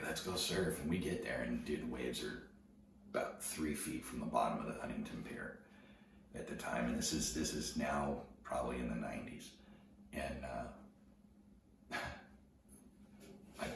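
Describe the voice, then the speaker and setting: A man tells a personal story in a casual, animated way, slipping into surfer slang and acting out what people said. He sounds far from the mic in a very echoey room. A clear hum of background noise runs underneath. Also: very deep voice. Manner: animated, acts out voices in his anecdotes, surfer slang. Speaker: storyteller sharing his life story.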